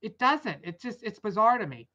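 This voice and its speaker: A woman's voice: mid-range voice, expressive, moderate pace, bright, forceful tone. A young adult woman hosting a casual rambling commentary, blunt and exasperated, swearing freely. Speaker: vlog host. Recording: dull lo-fi audio.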